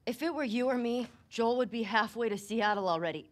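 A woman's voice: on the high side, brisk, lightly acted. An actress playing a young woman set on revenge in a video game cutscene, blunt and defiant in how she talks.

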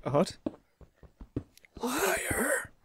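A woman's voice: high voice, huge pitch swings, very slow, fairly bright tone, breathy edge. A woman joking and teasing her friend while playing a video game. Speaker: game streamer. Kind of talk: casual gaming chat.

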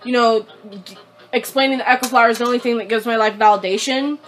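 A woman in her twenties hosting a casual game video, excitable, giggly and chatty. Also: on the high side, fast talker, faint music behind. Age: 20s. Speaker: host. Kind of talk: casual let's play commentary.

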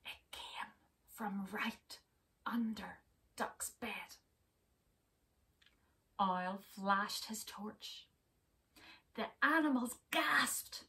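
Slow, expressive woman reading to children. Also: mid-range voice, far from the mic. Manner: expressive, with hushed whispers and asides to children. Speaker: teacher reading a story. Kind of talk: interactive children's story reading.

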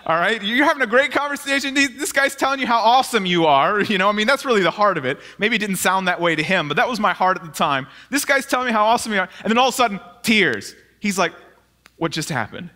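A male pastor giving a conversational sermon in a church, animated and telling personal stories with asides. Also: sits high, fast, few pauses. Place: church sanctuary, live sermon.

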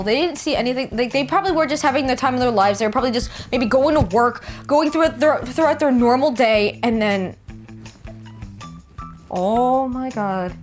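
High-pitched, gasping young woman reacting. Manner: gasping, squealing, repeats herself. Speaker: anime reaction host. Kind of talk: excited reaction commentary.

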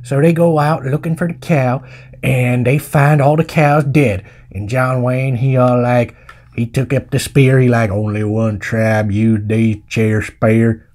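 A man's voice: mid-range voice, steady tone, a little slow, a little mellow. A man giving a casual movie review in rambling, slangy, joking talk. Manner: rambling, slangy, jokey vernacular.

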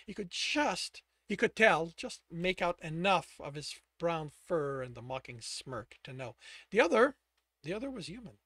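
A man reading his own novel aloud, dramatic and expressive, stopping to correct himself. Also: on the high side, dry recording. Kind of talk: audiobook narration.

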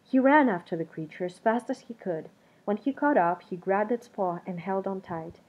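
A woman reading a children's storybook aloud in an expressive, storytelling manner. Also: mid-range voice, moderate pace, breathy edge. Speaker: narrator. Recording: dull muffled recording.

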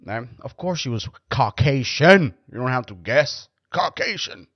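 A man's voice: mid-range voice, expressive, unhurried, husky, no echo. Profane, rambling man in a dull lo-fi recording. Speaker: podcast host. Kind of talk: casual storytelling podcast chat.

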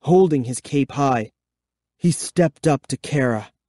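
A man reading a children's horror book aloud, giving expressive, measured first-person storytelling. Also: mid-range voice, no echo, clean studio sound. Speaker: audiobook reader. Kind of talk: dramatic audiobook narration.

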